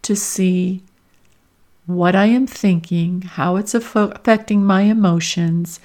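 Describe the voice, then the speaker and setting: A woman's voice: lowish voice, steady tone, a little mellow. A middle-aged woman hosting her own podcast as a career coach, speaking earnestly and from the heart in a reflective personal monologue. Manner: slow, earnest and heartfelt, with emotional emphasis.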